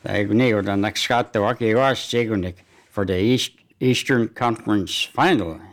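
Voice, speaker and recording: A man giving community announcements and hockey news, speaking haltingly with many fillers and restarts. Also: on the low side.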